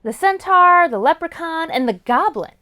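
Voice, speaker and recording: A big half-troll half-ogre from a storybook, lonely and gentle at heart, read by a woman. He speaks shyly and softly, in a lilting voice. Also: extremely high pitch, expressive, normal speed, voice pushed up, full character voice. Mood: friendly. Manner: gentle, shy.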